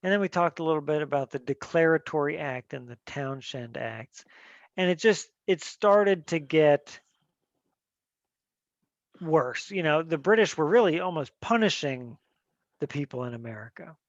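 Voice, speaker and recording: A man's voice: on the high side, lively intonation, normal speed, no echo, muffled recording. A male teacher giving a casual classroom lecture, talking loosely with fillers and restarts and putting questions to the class. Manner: conversational, many fillers and restarts, asks students questions.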